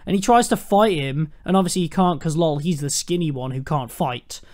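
A man's voice: fairly high pitch, a little fast, a little mellow. A man co-hosting a podcast, swearing and ranting animatedly about a film in casual chat. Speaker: podcast co-host.

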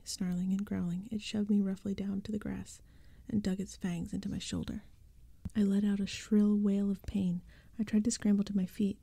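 A woman reading a spooky children's story in a soft, breathy whispered role-play, close to the mic. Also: medium pitch, dry recording. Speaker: ASMR storyteller.

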